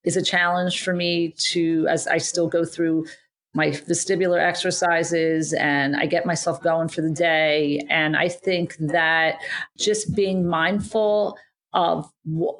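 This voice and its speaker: A woman co-hosting a podcast, talking in earnest, reflective run-on thoughts in casual chat. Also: lowish voice. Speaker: podcast co-host.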